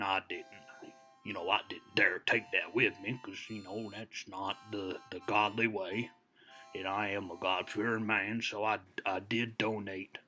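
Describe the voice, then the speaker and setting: A man's voice: deep voice, sharp tone. A man playing a very old, boastful American storyteller who rambles and digresses in a folksy way, full of "you know" fillers. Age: over 60. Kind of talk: comedic character monologue.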